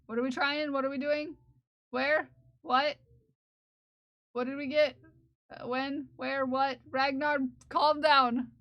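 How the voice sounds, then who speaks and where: High-voiced woman chatting on stream. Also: level tone, slow, long pauses, muffled recording. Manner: chatty, playfully scolding chat. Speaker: livestream host. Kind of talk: casual live-stream chat with viewers.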